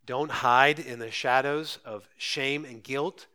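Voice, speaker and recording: A man's voice: mid-range voice, steady tone, takes it slowly, pushed and bright, clean tone. A man pastor preaching a sermon, earnest and urgent, pressing listeners with rhetorical questions.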